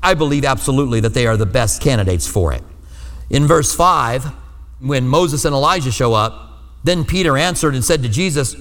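A man's voice: medium pitch, animated, moderate pace, fairly bright tone. Man preaching in a reverberant hall. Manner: conversational, joking asides between scripture readings. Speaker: pastor. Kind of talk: expository sermon on radio.

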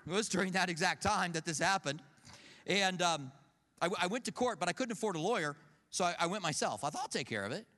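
Recorded in a large hall with long reverb, this pastor speaks quickly in a high-sitting voice. His sermon is conversational and animated, full of personal stories in which he acts out what people said.

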